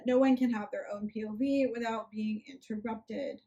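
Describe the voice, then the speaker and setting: A woman's voice: fairly high pitch, steady tone, moderate pace, dark tone. A young woman giving a sarcastic, casual rant review of a book, with snarky asides.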